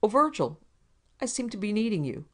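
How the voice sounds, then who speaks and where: A woman voicing a fat, smooth-talking male crook who is mock-polite and menacing. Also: sits low, lively intonation, a little fast, darkish tone, exaggerated voice.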